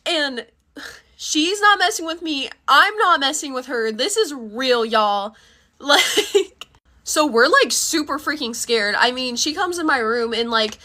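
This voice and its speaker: A woman's voice: very high voice, bright, forceful tone. A young woman casually telling a storytime, chatty, full of fillers and swearing freely.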